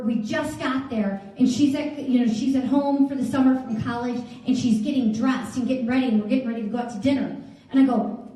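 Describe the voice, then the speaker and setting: A woman's voice: sits high, dark tone. A middle-aged woman giving a chatty motivational talk to an audience, telling stories and asking the room questions. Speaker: jewelry stylist giving a talk. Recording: echoey hall, speaker far from mic.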